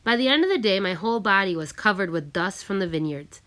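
A woman narrating a storybook reading in a measured, careful way. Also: medium pitch, expressive, a bit bright. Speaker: audiobook narrator.

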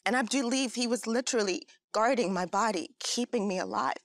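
A woman's voice: on the high side, brisk, dry recording. A woman sharing an earnest personal testimony as a talk show guest, storytelling and acting out what people said. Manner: earnest, storytelling, acts out quoted voices.

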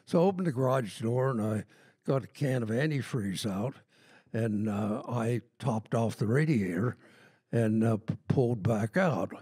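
An older man at an open mic telling a rambling anecdote before his song, with many pauses and fillers. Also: medium pitch, a little mellow, breathy edge, no echo. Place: live open mic at a music event. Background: plucked autoharp playing.

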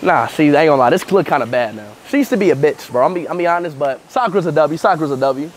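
A young American man with a sore throat, vlogging casually on city streets and talking in loud, excitable bursts. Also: fairly high pitch, racing. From United States. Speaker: livestreamer vlogger. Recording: noisy street background.

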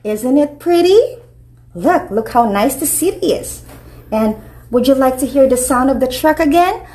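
A woman preschool teacher reading a picture book aloud to young children, animated and encouraging, often asking them questions. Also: sits high, a little slow.

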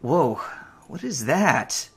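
Man voicing a stranded survivor, husky, slow-talking, swings up and down in pitch. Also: big pitch swings, full character voice. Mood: uneasy. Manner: talks to himself, halting, rising to panicked shouts. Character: stranded male space survivor, anxious and curious. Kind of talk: acted game narration.

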